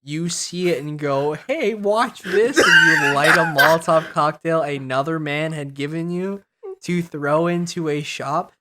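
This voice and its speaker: A man chatting casually as a player, animated, restarting sentences and swearing. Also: on the high side, a little slow, heavy background noise. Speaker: podcast co-host and player. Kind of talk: casual chat.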